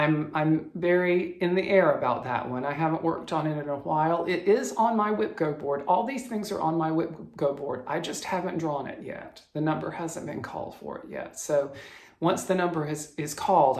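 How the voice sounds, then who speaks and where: A man with a Southern US accent, chatting casually about his cross-stitch projects, stopping and restarting his sentences often. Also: a little high. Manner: halting, with frequent restarts and self-corrections. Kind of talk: casual show-and-tell chat. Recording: roomy echo.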